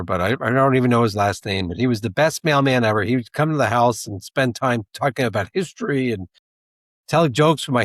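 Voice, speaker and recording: A man's voice: medium pitch, no echo. A man co-hosting a podcast, talking in a rambling, casual way with asides and restarts. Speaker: podcast co-host, intelligence analyst.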